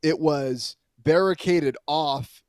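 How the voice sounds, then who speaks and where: Male sports reporter, fairly high voice, dry close sound; chatty and rambling, tells stories with lots of fillers. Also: takes it slowly, clean tone, no echo. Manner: rambling, animated storyteller with many fillers and restarts. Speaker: sports reporter calling in as a guest. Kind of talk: casual sports talk, storytelling.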